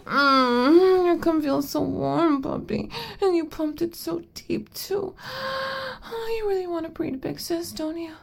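A woman playing a slow, gravelly, domineering older-sister figure. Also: very high voice, full character voice. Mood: soft, whispery. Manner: commanding, teasing, slow and breathy. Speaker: audio role-play performer. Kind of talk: adult audio role-play.

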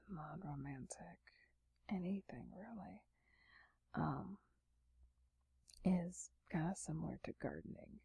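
A woman hosting a podcast in a sleepy, breathy whispered role-play, rambling casually in a low voice close to the mic. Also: warm tone, dry recording. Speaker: podcast host.

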